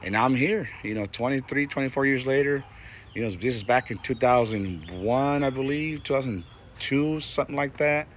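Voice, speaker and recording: A man in his forties giving a personal faith testimony, earnest and halting, with many fillers and restarts. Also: mid-range voice, a little hiss or hum. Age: 40s. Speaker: Christian testimony speaker.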